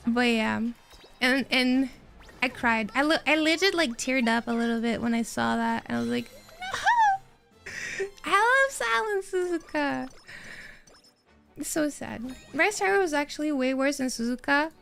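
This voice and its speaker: A woman streamer chatting casually while she plays a game, rambling and excitable, answering her chat as she goes. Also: sits high, moderate pace, creaky, clear, resonant tone, soft background music.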